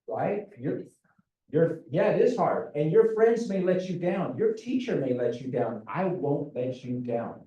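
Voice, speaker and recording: A man's voice: a little high, expressive, unhurried, warm tone, muffled recording. A man presenting to parents at a school meeting, earnest and repetitive, often asking rhetorical questions. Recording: echoey room, speaker far from mic.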